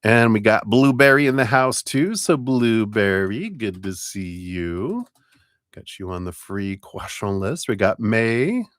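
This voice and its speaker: Male stream host, very low voice, friendly and thankful, dry close sound. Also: lively intonation, unhurried, dry recording. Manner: friendly, greets viewers by name, thankful. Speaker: tarot reader and live stream host. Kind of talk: casual live-stream chat.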